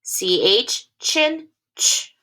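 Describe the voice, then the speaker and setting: Bright slow sing-song woman teacher. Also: fairly high pitch, expressive. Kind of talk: phonics lesson for young children.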